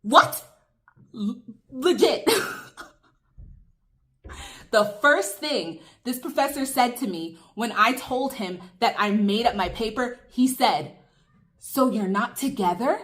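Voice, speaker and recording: A woman's voice: fairly high pitch, lively intonation, slow pace, long pauses, a bit bright. A young woman telling viewers an emphatic, chatty story over a meal in a casual vlog. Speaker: vlogger. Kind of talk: casual storytime while eating.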